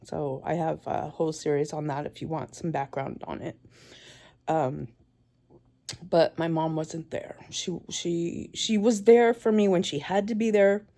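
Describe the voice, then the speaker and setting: A woman in her forties giving a tearful, halting vlog, crying as she talks. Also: sits low, fairly even intonation, dark tone. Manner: tearful, halting, with many pauses and restarts. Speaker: vlogger. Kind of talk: emotional personal vlog.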